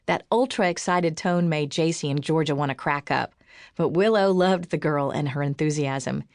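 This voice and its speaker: Low-voiced woman reading an audiobook. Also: normal speed, darkish tone, no echo, clean studio sound. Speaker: audiobook narrator. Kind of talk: scripted audiobook narration.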